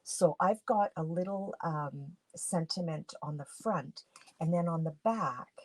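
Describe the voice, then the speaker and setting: A woman's voice: low voice, measured pace, no room sound. A woman from Canada, a papercraft demonstrator, talking through a casual craft tutorial in a groggy morning voice, chatty with many fillers and restarts.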